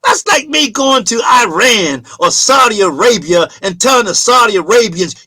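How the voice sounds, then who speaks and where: A man hosting a talk show, delivering an impassioned political monologue in a preachy, emphatic way and sometimes shouting. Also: sits high, very animated, a little slow, husky, no echo.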